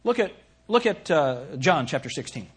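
A man delivers an earnest sermon in a husky, slightly high voice that swings widely in pitch. He preaches with emphasis, reading scripture forcefully and dropping quiet for asides to the congregation. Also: big pitch swings, normal speed. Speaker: pastor.

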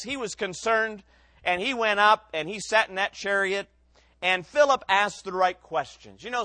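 In this dry, echo-free recording, a high-sitting male voice from Ohio delivers a sermon built on his own testimony. Earnest and full of emotion, he swings from loud emphasis down to near quiet.

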